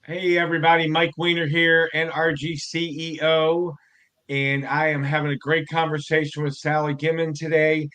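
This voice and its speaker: Energetic guy hosting an interview, kinda high voice, real enthusiastic. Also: normal speed. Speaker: host and company CEO. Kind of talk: casual interview.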